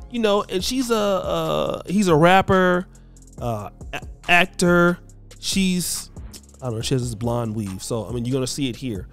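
A man hosting celebrity gossip commentary in a chatty, hesitant way, with many fillers. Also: on the high side.

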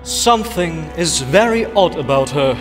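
Bossy official done by a man, commanding, bouncy pitch, music underneath. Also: animated, a little slow. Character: stern male airfield official giving orders. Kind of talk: live stage puppet show acting.

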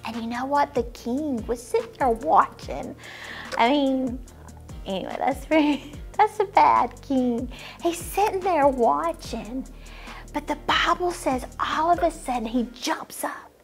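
A woman tells a Bible story to children, animated and drawn out, sometimes dropping to a whisper for effect. Her voice sits a little higher than most and she speaks slowly. Soft music plays faintly underneath. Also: gravelly. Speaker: children's ministry teacher.

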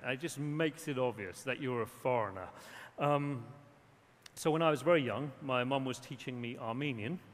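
A man from England with an English accent, preaching a storytelling sermon with quoted voices and frequent restarts. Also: a little high. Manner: storytelling with quoted voices, repeats words when starting. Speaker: pastor. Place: church hall. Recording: long hall reverb.

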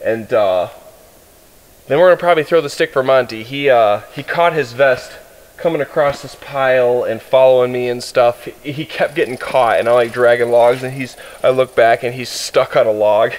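A man's voice: medium pitch, moderate pace, low-quality recording. A man casually talking to camera outdoors in the winter woods, rambling and correcting himself, a little out of breath. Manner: rambling, self-correcting, chatty. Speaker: outdoor vlogger.

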